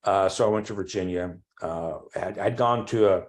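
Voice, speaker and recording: Older man from Texas, low voice, oral history interview, animated storytelling, restarts and ums. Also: moderate pace. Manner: animated storytelling, acts out remembered dialogue. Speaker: Episcopal priest interviewee.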